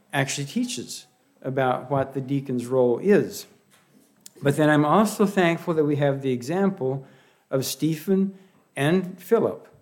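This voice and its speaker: A man with a Pennsylvania Dutch accent delivering a sermon, folksy and halting, often restarting his words. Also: medium pitch, a little mellow. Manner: halting, with many restarts and fillers; folksy, with light humor. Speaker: preacher.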